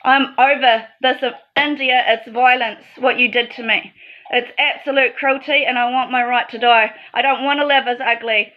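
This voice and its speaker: A woman's voice: a little high, fairly even intonation, normal speed, dull audio. A woman delivering an aggrieved, accusatory monologue straight to the viewer. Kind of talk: emotional monologue to camera.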